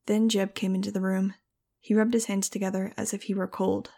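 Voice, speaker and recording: A woman's voice: medium pitch, flat delivery, fairly quick, gravelly, mellow. A woman reading a first-person audiobook in a wry, casual storytelling manner. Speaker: audiobook narrator.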